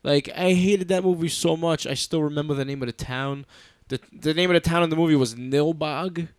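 A man's voice: a little high, fairly quick, clean tone, no echo, studio quality. A man in casual chat, blunt and dismissive, swearing casually.

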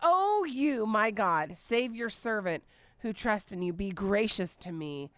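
A woman in her forties hosting a casual Bible teaching podcast, chatty and expressive, with playful asides. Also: mid-range voice, slow, clean tone, dry recording. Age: 40s.

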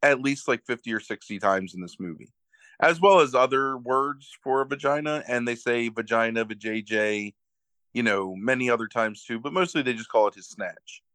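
A man's voice: medium pitch, moderate pace, a bit bright, no echo. A man co-hosting a podcast, retelling a movie's plot in casual, rambling chat full of fillers and self-corrections. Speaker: podcast co-host recapping a movie.

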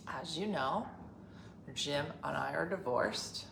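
A middle-aged woman with a low, dry delivery tells a family story in casual chat, acting out each side of the argument. Her voice sits well down in pitch. The room adds a clear echo, with a faint hum of ambience behind her. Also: slow pace. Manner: wry, deadpan storyteller who acts out quoted family arguments. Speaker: podcast host.

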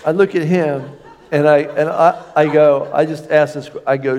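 A man's voice: fairly high pitch, steady tone, moderate pace, darkish tone, some chatter behind. A man preaching as a pastor in a conversational storytelling sermon, folksy, with self-deprecating humor and rhetorical questions.

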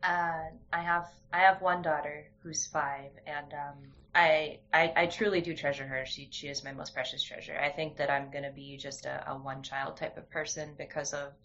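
Woman, young adult, low pitch, candid storyteller, lo-fi recording. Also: steady tone, moderate pace, few pauses, fairly bright tone. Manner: candid, storytelling, many restarts. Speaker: guest. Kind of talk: casual conversation. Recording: dull lo-fi sound.

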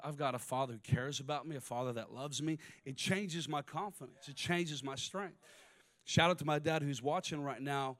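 A man preaching a sermon, moving between quiet personal stories and loud, rising exhortation. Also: mid-range voice. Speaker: pastor.

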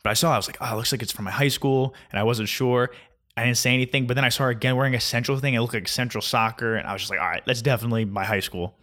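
A man's voice: medium pitch, fairly even intonation, very fast, fairly bright tone. A man in his twenties ranting casually about his weekend in a sarcastic, mocking way, with many fillers. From New Jersey. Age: 20s. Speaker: vlogger.

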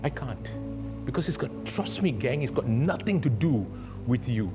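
A man preaching a sermon and telling stories dramatically, swinging from loud to hushed. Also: mid-range voice, sing-song, normal speed, over music. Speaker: guest preacher.

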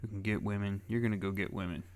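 A man co-hosting a podcast, swearing often and rambling through animated stories in casual banter. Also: fairly low pitch, fast talker, clean tone, no room sound. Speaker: podcast co-host. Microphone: studio mic.

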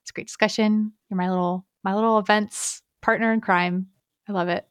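A woman's voice: mid-range voice, fairly even intonation, brisk, clean tone, no room sound. Giggly gaming podcast co-host lady, chatty, dry close mic. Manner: chatty, giggly, with many fillers. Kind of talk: casual chat.

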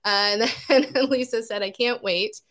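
A woman's voice: on the high side, a bit bright. A woman co-hosting a casual podcast, reading out listener comments, giggling and saying "uh" often. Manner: unhurried, giggly, says "uh" often. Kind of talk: casual chat.

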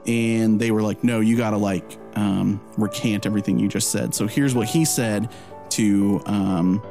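Low-voiced chatty male podcast co-host. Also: fairly even intonation, measured pace, vocal fry, music in the background. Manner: loose and chatty, many "um" and "like" fillers, laughs easily. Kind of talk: casual chat and spoken prayer.

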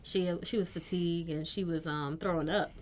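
A woman in her thirties with a lowish voice co-hosts a podcast and chats casually about her family. She rambles through her stories, full of "like" and "um" fillers. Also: fairly even intonation, moderate pace, slight background noise. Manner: chatty storyteller with many fillers. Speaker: podcast co-host. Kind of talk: casual chat.

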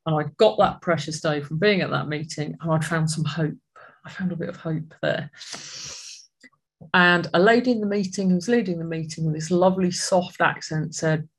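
This is an adult at a support meeting sharing how they recovered, speaking earnestly and reflectively. They pause and restart haltingly, in a medium-pitched voice.

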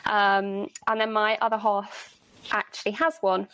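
A woman's voice: mid-range voice, flat delivery, unhurried, fairly bright tone, clear, resonant tone, dry recording, rough recording. A woman on a casual online panel, playful and teasing, laughing often.

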